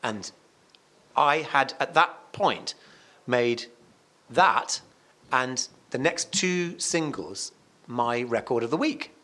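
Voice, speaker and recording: Male radio host as podcast guest, mid-pitched, lively and emphatic, keeps restarting sentences. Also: takes it slowly, long pauses. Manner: animated and emphatic, frequent restarts and repetitions. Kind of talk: casual conversational storytelling.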